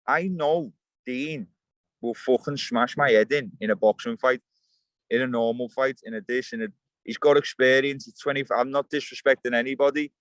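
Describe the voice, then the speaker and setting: A man's voice: mid-range voice, fairly bright tone, no echo, poor audio. A young man ranting bluntly in an interview, swearing freely while speaking outdoors by the water as he fishes. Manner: blunt, swearing straight talker. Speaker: interview guest. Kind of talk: heated interview rant.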